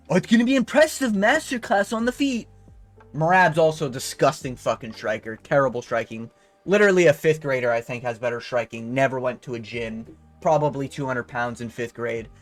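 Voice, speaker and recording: Young male vlogger, casual rant, brash and profane, slightly high voice. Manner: profane, fired-up, full of fillers. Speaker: commentary vlogger.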